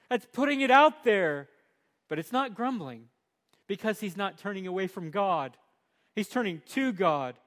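A male pastor with a high voice delivers a sermon. He is emphatic, swinging from loud, punchy lines to quiet, low ones. He slows right down to lean on key words.

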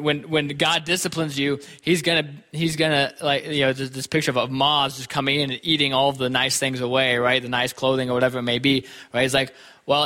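A man's voice: mid-range voice, sharp tone. A man preaching a sermon in an earnest, thinking-aloud way, often repeating words as he goes. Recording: long hall reverb.

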